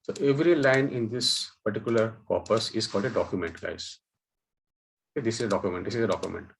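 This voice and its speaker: A man's voice: lowish voice, quick pace, vocal fry, a little hiss or hum, rough recording. A man teaching a webinar, explaining terms step by step and often checking in with "okay" and "guys". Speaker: data science instructor. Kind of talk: webinar lecture.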